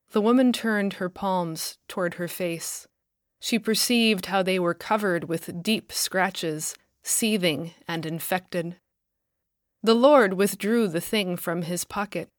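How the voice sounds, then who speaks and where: A woman author narrates her own story in a slow, measured voice. Her delivery is careful and even, with a close, dry sound and no room around it. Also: medium pitch, no echo. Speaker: author and podcast host. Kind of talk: scripted narration.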